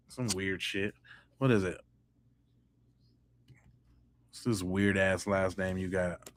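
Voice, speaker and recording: A man's voice: low voice, steady tone, measured pace, slight background noise. Sex: man. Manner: heated, mocking. Style: live-stream commentary. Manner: heated, mocking, talks straight at the chat. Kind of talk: casual live-stream commentary reading chat.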